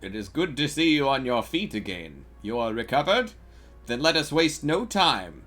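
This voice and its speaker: A man voicing a stern, commanding female admiral in a formal, measured way, reading game dialogue aloud. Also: mid-range voice, big pitch swings, a bit bright, faint music behind.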